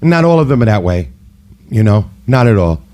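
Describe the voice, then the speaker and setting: A middle-aged man speaks in a low, mellow voice as he tells a personal story. His delivery is casual and heated, with frequent conversational asides. He sounds like the host of his own talk show. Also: sing-song, moderate pace. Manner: heated, conversational, full of "you know" asides.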